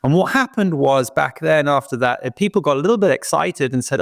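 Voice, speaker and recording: A man's voice: fairly high pitch, expressive, a little fast, vocal fry, no room sound, clean studio sound. A man from the United Kingdom with a British accent, a guest expert explaining a subject eagerly in an interview. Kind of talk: interview conversation.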